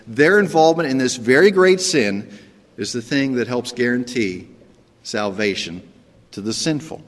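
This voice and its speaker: A pastor with a fairly bright voice preaches conversationally in a big-sounding room, checking in with "okay?" now and then. He sometimes acts out the characters he quotes, giving Pilate's sarcastic lines in a higher voice.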